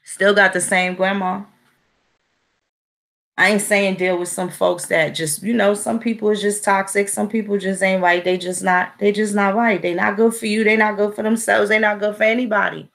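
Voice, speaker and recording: A woman's voice: mid-range voice, steady tone, moderate pace, gravelly, fairly bright tone. A woman, telling stories in a blunt, profane casual monologue. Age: 40s. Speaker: vlogger.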